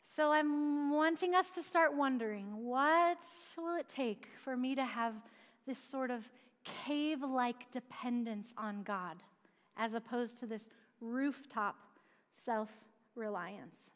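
A woman with a high voice delivers a sermon in an easy, conversational manner. She keeps asking rhetorical questions and slips in light asides. Her voice rings out with a long hall reverb. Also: takes it slowly. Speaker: preacher.

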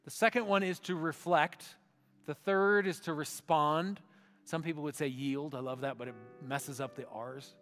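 A male pastor delivers a sermon, his voice sitting a little high for a man. He reads slowly and meditatively and often sinks to a near hush. The recording carries a long hall reverb, with soft instrumental music faintly underneath. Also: steady tone. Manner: slow meditative reading that drops to a hushed voice. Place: church sanctuary.

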